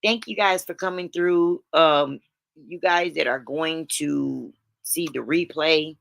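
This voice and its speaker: A woman's voice: sits low, slow, creaky, no room sound. A woman hosting a casual motivational live stream. She talks in a chatty, folksy way and keeps checking in with her listeners. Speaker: livestream host. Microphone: streaming setup microphone.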